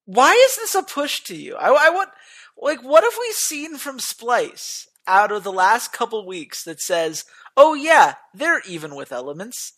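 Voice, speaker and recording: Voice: medium pitch, a little slow. A podcast co-host in casual, argumentative chat about esports betting. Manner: animated, argumentative.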